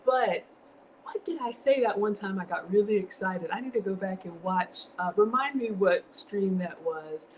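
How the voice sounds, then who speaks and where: A woman's voice: mid-range voice, moderate pace, a little hiss or hum, rough recording. A middle-aged woman with a Southern US accent, chatting casually to live viewers while cooking in her home kitchen. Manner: chatty, greets viewers by name, reads out comments. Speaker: home cook streaming live. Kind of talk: casual livestream cooking chat.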